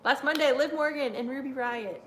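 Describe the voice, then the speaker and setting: A woman's voice: high-pitched, fairly quick, fairly bright tone. A young woman hosting a casual live watch-along stream, chatty and giggly as she reads viewer chat aloud. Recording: roomy echo.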